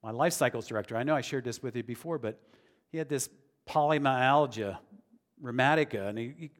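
A man's voice: medium pitch, fairly quick. A man preaching a sermon in an earnest, conversational way that builds to emphatic declarations. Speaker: pastor. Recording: long reverb of a large hall.

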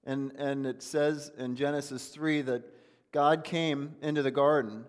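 A man's voice: on the high side, fairly even intonation, measured pace. Folksy man preaching in a reverberant church. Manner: conversational, folksy preaching with rhetorical questions. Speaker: pastor. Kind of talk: sermon.

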